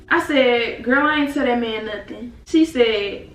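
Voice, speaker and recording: A young woman tells a storytime with lively, dramatic slang and a slightly high voice. She sits a little back from the mic in an echoey room, with faint noise behind her. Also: a little slow, hardly any pauses, far from the mic. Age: young adult. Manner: animated, dramatic retelling with slang. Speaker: vlogger. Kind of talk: casual storytime.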